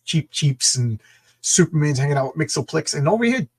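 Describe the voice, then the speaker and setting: A man chatting casually about a comic he loves, reading panels aloud and getting carried away with excitement. His voice sits a little high with a husky edge. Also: moderate pace. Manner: enthusiastic, rambling, laughs and restarts often. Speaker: comic book show host.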